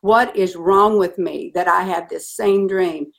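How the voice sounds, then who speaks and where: A middle-aged woman telling a personal story in an interview, earnest and animated. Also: fairly low pitch, measured pace, vocal fry. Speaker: guest.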